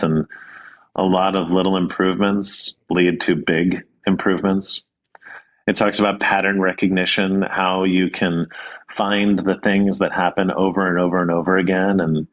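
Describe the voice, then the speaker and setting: A man, a guest author telling stories in a relaxed, earnest way, with frequent ums and restarts. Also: low voice. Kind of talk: conversational interview storytelling.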